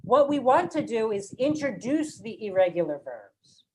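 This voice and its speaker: A woman running a workshop for teachers, explaining ideas slowly and carefully and chanting example phrases to show their rhythm. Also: fairly high pitch, sing-song, a little mellow, slight background noise, poor audio. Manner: slow, deliberate, demonstrates rhythm by chanting. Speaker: teacher trainer.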